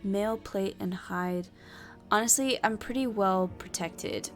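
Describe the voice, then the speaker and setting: A woman's voice: medium pitch, slow pace, faint music behind. A woman reading and playing through a solo tabletop adventure, chatting and thinking aloud between passages. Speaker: solo player and narrator.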